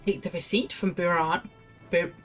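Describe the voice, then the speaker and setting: Woman game streamer, lowish voice, chatty, reads quest lines aloud, faint music behind. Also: fairly even intonation, unhurried. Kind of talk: casual gameplay commentary.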